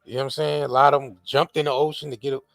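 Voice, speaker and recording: A man hosting a podcast, talking in a casual, profane, animated way with many restarts. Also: medium pitch, racing, gravelly, dry recording, studio quality, faint music behind. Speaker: podcast host. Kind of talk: casual chat.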